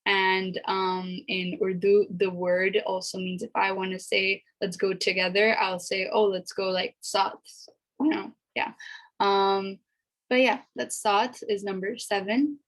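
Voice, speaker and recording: A woman giving a casual spoken language lesson, chatty and repeating each sound slowly for learners to copy. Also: medium pitch, level tone, a bit bright, rough recording. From America. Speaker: language teacher.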